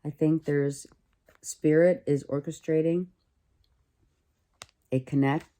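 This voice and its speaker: A woman's voice: low-pitched, steady tone, slow, warm tone. A woman giving a casual tarot reading, musing aloud with repetitions and restarts. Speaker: tarot reader.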